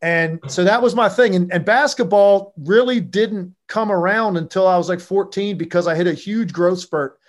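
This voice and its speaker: A man's voice: high voice, normal speed, few pauses. A man from Virginia, a former basketball player, telling stories in a casual interview with lots of fillers. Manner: animated, with frequent fillers.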